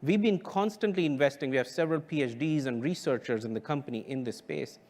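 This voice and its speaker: A man giving a keynote as a company founder. He speaks in a measured, emphatic way with deliberate pauses. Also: on the high side, darkish tone. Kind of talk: keynote presentation.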